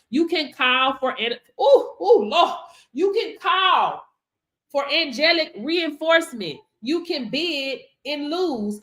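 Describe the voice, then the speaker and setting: A woman preaches live to her viewers. She is animated and folksy and talks straight to the people watching. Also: high voice. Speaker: livestream host teaching on faith. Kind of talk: livestream teaching with casual asides to viewers.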